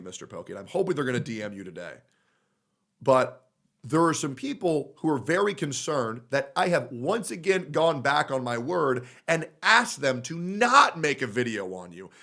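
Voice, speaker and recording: A man's voice: on the high side, fairly bright tone. A male streamer in a blunt, profane, sarcastic livestream reaction rant.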